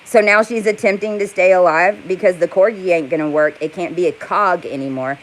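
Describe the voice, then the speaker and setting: A woman's voice: on the low side, a little fast, poor audio. A woman delivering an angry, profane, rambling rant to camera. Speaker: vlogger. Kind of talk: heated monologue to camera.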